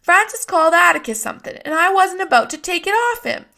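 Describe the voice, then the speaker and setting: A woman's voice: very high voice, sing-song, quick pace, gravelly, bright, forceful tone, voice pushed up, heavily acted. Woman playing feisty young girl Scout. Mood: earnest.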